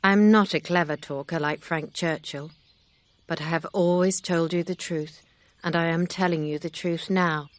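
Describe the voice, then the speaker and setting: A woman voicing a grave, kind gentleman. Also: on the low side, normal speed, dry recording, lightly acted. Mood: tender. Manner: steady, sincere. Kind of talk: audiobook reading.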